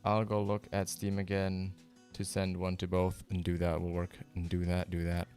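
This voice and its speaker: Low, even-voiced German man streaming. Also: moderate pace, soft background music. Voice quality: fairly monotone, even delivery. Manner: relaxed, rambling, with many fillers and restarts. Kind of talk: casual live-stream chat answering viewers.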